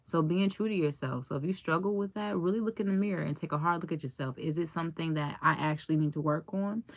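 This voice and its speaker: Chatty low-voiced woman life coach. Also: fast, no room sound. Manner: chatty, laughs often, acts out quotes. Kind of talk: casual chat to a live audience.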